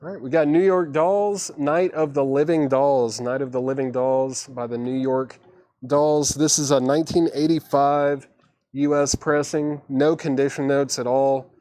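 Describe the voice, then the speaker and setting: A man's voice: mid-range voice, fairly even intonation, warm tone, dry recording. Man running a casual live record sale. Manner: casual, chatty, quick patter with laughs. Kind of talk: livestream auctioneering.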